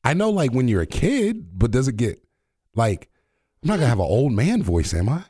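A man's voice: mid-range voice, big pitch swings, normal speed, warm tone, breathy edge, no echo, studio quality. A young man hosting a radio talk show in casual, playful chat, laughing often and joking about himself. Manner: playful, laughs often, jokey self-mocking asides.

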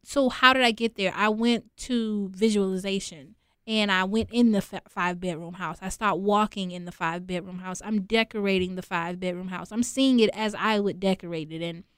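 Smooth-voiced woman guest on a talk show. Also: medium pitch, moderate pace, a bit bright, no room sound, clean studio sound. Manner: earnest, repeats herself, acts out quotes. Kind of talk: casual talk show conversation.

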